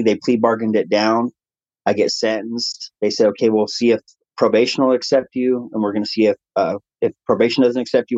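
Interview guest, male, low-pitched, earnest storyteller, dull dry recording. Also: no room sound. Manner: earnest, animated when quoting others. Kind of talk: conversational storytelling.

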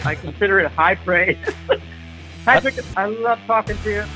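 A woman's voice: mid-range voice, measured pace, pushed and bright, faint music behind, poor audio. A woman in her sixties, a guest tennis commentator, talking reflectively and affectionately in a casual conversation.

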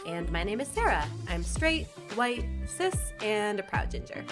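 A woman's voice: mid-range voice, sing-song, a little slow, over music. A young woman co-hosting a podcast, chatty and teasing in casual talk. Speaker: podcast co-host.

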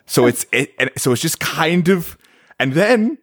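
Animated man telling a table story. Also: fairly high pitch, unhurried, no room sound, studio quality. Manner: animated, acts out quotes from friends. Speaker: podcast co-host. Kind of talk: casual storytelling chat.

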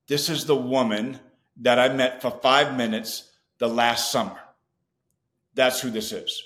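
A man tells a personal story as a podcast guest, animated and slipping into the voices of his own past dialogue. His voice sits in a middle pitch. The room around him is echoey. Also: a little slow.

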